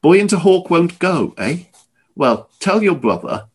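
A man's voice: on the high side, animated, moderate pace, breathy edge, voice pushed up. A man voicing a bubbling, menacing old shapeshifter. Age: older. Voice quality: bubbling, scalding voice. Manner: menacing, commanding. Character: sinister old male shapeshifter, mocking and threatening.

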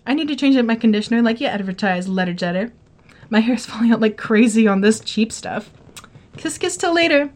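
A woman with a high, bright-pitched voice reads a first-person story aloud. She delivers it in a chatty, gossipy manner, leaning into the drama of each line. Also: animated, fairly quick. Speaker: guest story reader.

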